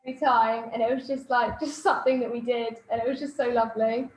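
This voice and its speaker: A woman's voice: on the high side, steady tone, fast talker. A young woman, fondly sharing memories of her grandfather in a casual chat. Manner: gentle, fond storytelling. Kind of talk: casual reminiscing. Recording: echoey room.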